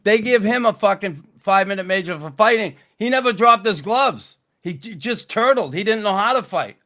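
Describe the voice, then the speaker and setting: A man, a podcast guest telling stories in a gruff, blunt way, swearing constantly. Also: high-pitched, expressive, normal speed, bright, forceful tone. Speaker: podcast guest, former hockey enforcer. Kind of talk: casual storytelling chat.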